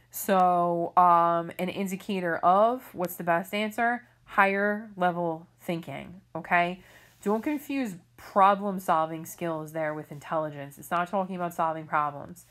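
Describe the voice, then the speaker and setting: A woman's voice: fairly low pitch, normal speed, a bit bright. A woman teacher walking students through reading questions in a recorded lesson, patient and explanatory, often checking in with "okay?". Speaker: English teacher. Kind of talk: recorded remote lesson walkthrough.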